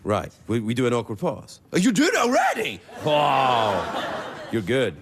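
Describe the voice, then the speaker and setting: A man's voice: medium pitch, wildly swooping pitch, moderate pace, gravelly, heavy background noise. A man hosting a late-night talk show, joking and teasing his guest in playful, mock-flustered banter.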